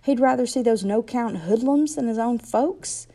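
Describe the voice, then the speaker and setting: A woman's voice: fairly high pitch, moderate pace, warm tone, voice pushed up. A woman reading aloud, voicing a cold, resentful mother who speaks in an indignant, accusing way. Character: resentful middle-aged mother, cold and hard.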